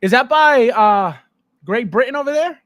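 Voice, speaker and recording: A man's voice: extremely high pitch, expressive, moderate pace, fairly bright tone, no room sound. A man hosting a casual livestream, greeting viewers by name and laughing often. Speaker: podcast host.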